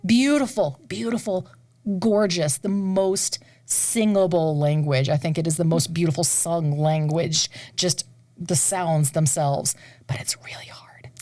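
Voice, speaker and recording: A woman who is an opera singer, talking in a casual interview, animated and laughing often, sometimes dropping to a whisper for emphasis. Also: fairly low pitch, slow pace, dry recording. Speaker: guest, opera singer and conservatory staff.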